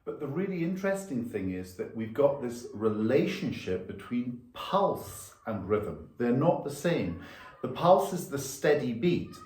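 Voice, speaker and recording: Slow-talking man teaching violin. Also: medium pitch, big pitch swings, darkish tone. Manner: patient, counts beats aloud and claps rhythms. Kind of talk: music lesson. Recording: echoey room.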